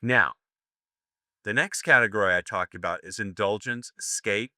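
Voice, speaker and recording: A man's voice: lowish voice, moderate pace, sharp tone, no room sound, studio quality. An older American man giving a live seminar lecture, brash and profane, joking with his audience. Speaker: seminar instructor.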